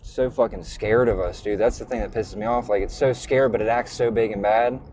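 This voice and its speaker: A man's voice: on the low side, steady tone, brisk, darkish tone, a little hiss or hum. A man hosting a casual online call-in chat, talking in a loose, rambling way and swearing angrily. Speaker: show host.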